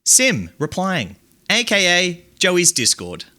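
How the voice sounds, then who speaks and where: A male streamer hosting a casual countdown of chat quotes. His voice is bright and sharp, pitched a little high, and he drawls along slowly while swinging widely in pitch between dry asides. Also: huge pitch swings. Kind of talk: casual live-stream commentary.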